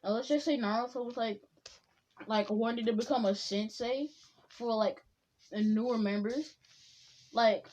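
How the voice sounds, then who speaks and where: A woman's voice: a little high, fairly even intonation, unhurried, pauses often, a little mellow. A woman improvising a fan-fiction story in a rambling, loose way, with many "like"s, on a dull lo-fi recording.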